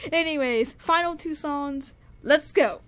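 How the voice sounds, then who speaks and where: Gushing high-voiced young woman reviewer. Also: takes it slowly. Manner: gushing, repetitive, lots of "like" and restarts. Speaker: music reviewer. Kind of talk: excited casual music review.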